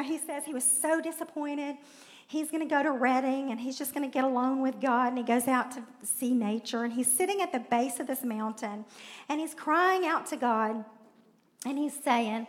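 In a church sanctuary with long hall reverb, a pastor's wife with a high-pitched voice preaches a sermon in a chatty way. She laughs through asides and throws questions out to the congregation.

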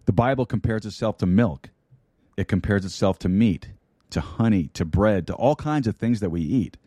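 A man's voice: lowish voice, animated, normal speed, mellow, dry recording. A man preaching a sermon into a studio microphone, repeating key lines and dropping in light humor. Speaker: pastor. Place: broadcast studio.

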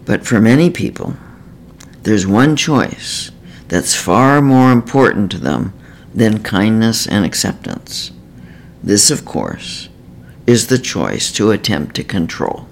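A man, a therapist, reading a self-help book in a measured, earnest and gentle way. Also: fairly low pitch, big pitch swings, gravelly, slight background noise, rough recording. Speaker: therapist author. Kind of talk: scripted self-help narration.

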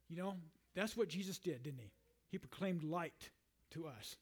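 A man with a high voice preaches a sermon in an easy, conversational way. He repeats words and restarts his sentences often, with "you know" dropped throughout. He reads scripture aloud and then retells it in everyday language. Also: lively intonation, moderate pace, husky. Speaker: pastor.

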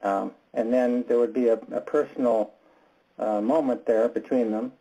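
A man leading a Bible study discussion, talking in a halting, earnest and direct way, often repeating his words. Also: mid-range voice, steady tone, warm tone, breathy edge, low-quality recording. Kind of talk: candid group Bible discussion.

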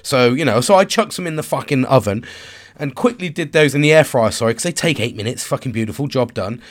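A man's voice: medium pitch, animated, quick pace. Sweary stressed man rambling. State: stressed and tired. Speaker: vlogger and father. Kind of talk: candid confessional monologue.

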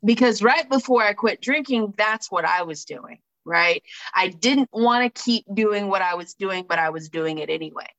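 A woman's voice: mid-range voice, animated, moderate pace, fairly bright tone, highs cut off. A woman candidly telling her own recovery story in a conversational way, often checking in with her listeners and reading aloud from a book. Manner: conversational, frequent "right?" tags and fillers. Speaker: speaker sharing a recovery story.

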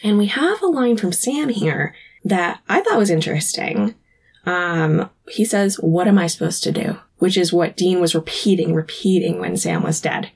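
A woman co-hosting a casual podcast, retelling a TV episode and acting out the characters' lines in quick voices. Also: lowish voice, expressive, creaky, slightly rough. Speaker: podcast co-host recapping an episode. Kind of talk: casual chat.

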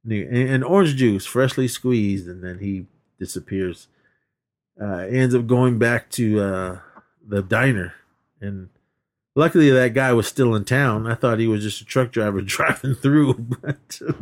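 Man, podcast co-host, casual movie recap, rambling, laughs a lot, mid-pitched voice. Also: unhurried. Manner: rambling, laughs often, acts out quotes.

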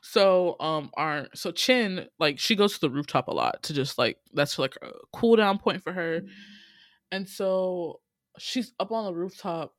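A woman in casual chat, telling a drama's plot with lots of "like" and acting out the quotes with big jumps in pitch. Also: expressive, unhurried, no echo, studio quality.

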